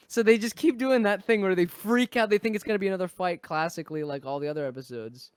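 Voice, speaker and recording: Animated high-voiced man, dry sound. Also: fast, smooth, dry recording. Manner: animated storyteller, acts out quotes. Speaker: podcast cast member. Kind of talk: casual chat.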